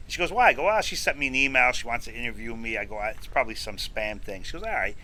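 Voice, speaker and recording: A middle-aged man from upstate New York, a food show host, tells a long story as a guest on a podcast in a casual storytelling interview, acting out both sides of every conversation. His medium-pitched voice is bright and forceful, and he talks in rapid-fire bursts with few pauses. The audio quality is poor.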